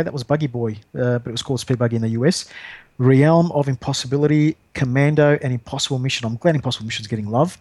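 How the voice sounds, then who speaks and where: A man's voice: medium pitch, a little mellow, no echo. A man hosting a podcast, chatting casually and reading out listener lists in a jokey, self-deprecating way. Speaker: podcast host.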